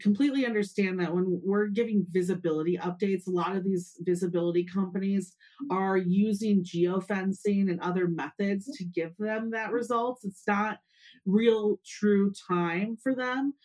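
A woman's voice: medium pitch, fairly even intonation, moderate pace, darkish tone. A woman hosting a podcast, talking in an upbeat, chatty way with frequent ums and uhs. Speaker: podcast host. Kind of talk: casual promotional chat and interviewing.

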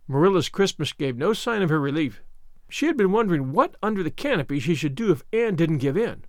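A man narrates an old-fashioned storybook with expressive, measured delivery. His voice is high for a man and moves a lot. The recording is close and dry, with no room sound. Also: no echo. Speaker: audiobook narrator. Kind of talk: scripted narration of a classic novel.

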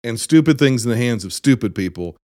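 A man in a casual movie review chat, speaking with a very lively, swooping pitch. He swears freely, laughs often and hits his points hard. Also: fairly quick. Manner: animated, profane, laughing, emphatic. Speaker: podcast co-host.

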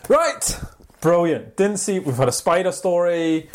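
A man's voice: high-pitched, a little mellow. Easygoing man hosting a podcast. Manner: leads topics, reads quotes aloud, quick reactions. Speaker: podcast host. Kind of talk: casual podcast chat.

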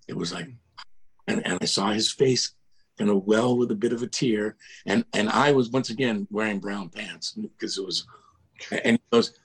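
An older man, a guest on a video call, telling animated stories and mimicking the voices of people in them. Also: mid-range voice, gravelly, breathy edge. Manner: animated storyteller, mimics voices, laughs at himself. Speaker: guest, music producer. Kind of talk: casual storytelling interview.

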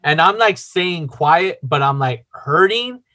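A man's voice: on the high side, animated, slow, pushed and bright. A man casually telling a long personal story, rambling with lots of fillers and swearing.

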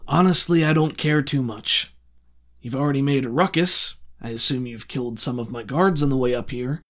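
A man voicing a cruel, weary male crime boss in a tabletop game, bored and dismissive with a quiet menace. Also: mid-range voice, moderate pace, lightly acted.

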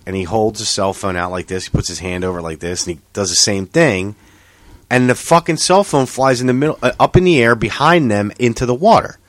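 A man's voice: medium pitch, no echo. A man telling a rambling story in casual chat, swearing freely.

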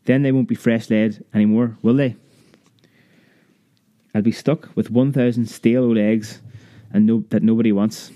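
A man voicing a gruff, stubborn country carter who talks slowly and drops his h's in a storybook reading. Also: fairly low pitch, fairly even intonation, dark tone, no echo, studio quality, close to an everyday voice. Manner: slow rustic speech dropping h's.

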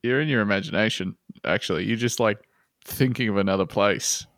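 A man's voice: on the low side, fairly quick, a bit bright, no echo, clean studio sound. A man co-hosting a comedy podcast, reading a listener post aloud and mocking it with plenty of swearing. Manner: sarcastic, mocking, swears a lot.

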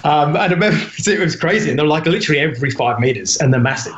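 A man's voice: fairly high pitch, lively intonation, very fast, fairly bright tone, muffled recording, a little hiss or hum. A man from Britain, a podcast guest, telling a story casually, stumbling over and repeating words and laughing often.

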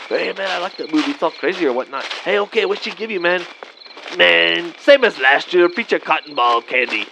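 A man in his thirties improvises a comedy sketch in a relaxed slacker drawl, dropping "man" and "vato" constantly. His voice sits a little high and is expressive, creaky, pushed and bright, at an ordinary pace. The lo-fi recording is dull, with faint night noise behind him.

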